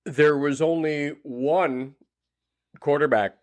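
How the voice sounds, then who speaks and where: A man's voice: fairly high pitch, fairly even intonation, slow. A man co-hosting a casual fantasy football podcast, rambling with many repeated words and restarts. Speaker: podcast co-host.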